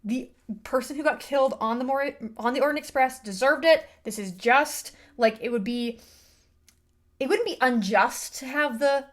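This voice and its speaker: Reviewer: a woman, slightly high voice, ranting casually with lively exasperation. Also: moderate pace. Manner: animated, exasperated, filler-heavy. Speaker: book and film reviewer. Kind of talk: casual rant to camera.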